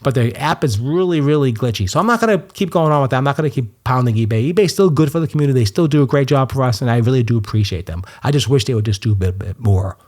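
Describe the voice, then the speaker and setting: Male solo podcast host, fast, chatty delivery, restarts often, gets fired up. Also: medium pitch, expressive, darkish tone.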